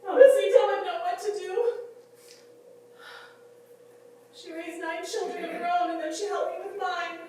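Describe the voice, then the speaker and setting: An actress playing an aging, imperious film star who drifts between wistful musing and frantic shouting on a stage. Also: female voice, very high voice, steady tone, brisk, a little hiss or hum. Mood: haughty. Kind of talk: stage play performance. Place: theater stage. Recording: echoey stage from far off.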